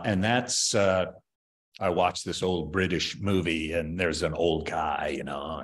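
A man in his seventies, a martial arts master, giving opinionated, rambling answers in an interview with many fillers. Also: deep voice.

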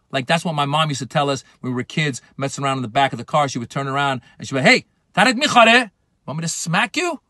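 A middle-aged man who is a comedian, explaining words in a comic way and acting out exasperated outbursts. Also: on the high side. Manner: animated, acts out exasperated outbursts.

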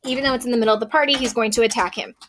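A woman's voice: on the high side, fairly even intonation, rapid-fire, fairly bright tone, a little hiss or hum. Casual woman teacher explaining a play. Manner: casual, with frequent um and so basically.

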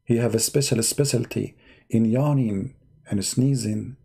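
A man hosting a live-stream debate, talking in a sarcastic, mocking, drawn-out way. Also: mid-range voice, vocal fry, warm tone, slightly rough.

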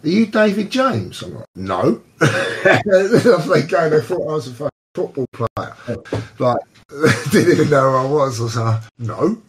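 An English man hosting a casual online chat, telling lively anecdotes and slipping into voices for the people in them. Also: medium pitch, a little slow. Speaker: host.

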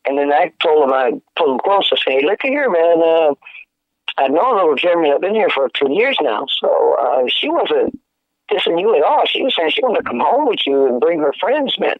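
Man, high-pitched, slangy and laughing, dry close sound. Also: no room sound. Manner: animated, laughing, slangy and profane. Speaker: guest musician. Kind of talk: casual storytelling chat. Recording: dry, tinny phone-like sound.

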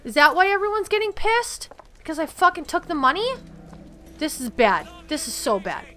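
Young woman gaming, high bright voice, cusses a lot, faint music behind. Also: sing-song. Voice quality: swears a lot, chatty, quick to get upset. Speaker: gaming channel host. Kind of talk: casual let's-play commentary.

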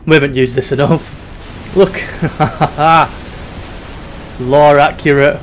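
A man's voice: on the high side, steady tone, very slow, a little hiss or hum. A young man giving casual, sweary commentary while playing a video game. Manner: chatty and sweary, drifting between mock despair and giggles. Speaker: gaming YouTuber.

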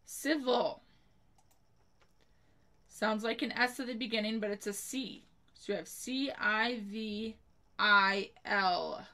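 A woman slowly teaching a spelling lesson to children, spelling each word letter by letter in a careful manner and giving an example sentence. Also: mid-range voice, fairly even intonation, bright, forceful tone.

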